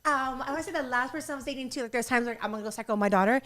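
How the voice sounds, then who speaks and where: Woman podcast host in her thirties, rapid delivery, playful storyteller who laughs a lot. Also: high voice. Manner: animated storyteller, acts out quotes, laughs often. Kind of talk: casual chat.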